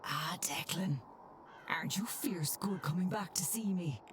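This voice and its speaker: A woman's voice: lowish voice, measured pace, a little hiss or hum, lightly acted. A woman voicing a worried Irish folk witch who guards the land with charms, speaking earnestly in a game. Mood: warm greeting.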